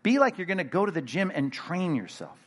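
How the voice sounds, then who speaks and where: A man preaching a sermon, animated and conversational, acting out little inner dialogues and dropping into low quiet asides. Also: a little fast. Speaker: pastor.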